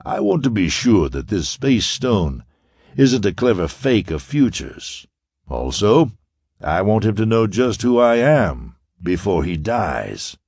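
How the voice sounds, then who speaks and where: A man voicing a suave, gloating half-Martian villain who speaks with soft, ironical menace in an audiobook. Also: lowish voice, sing-song, slow, slightly rough, dry recording, clean studio sound, full character voice. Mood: quietly menacing.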